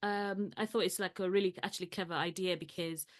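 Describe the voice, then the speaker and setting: A woman's voice: fairly low pitch, fairly even intonation, brisk. A woman podcast co-host chatting casually, telling a story with frequent laughs and acted-out quotes. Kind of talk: casual chat.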